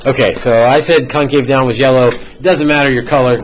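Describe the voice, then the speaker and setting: A middle-aged man teaching a calculus lesson in a classroom, explaining step by step with relaxed joking asides to students. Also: mid-range voice, fairly quick, few pauses. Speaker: math teacher. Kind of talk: classroom lecture. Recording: dull lo-fi classroom recording with faint hiss.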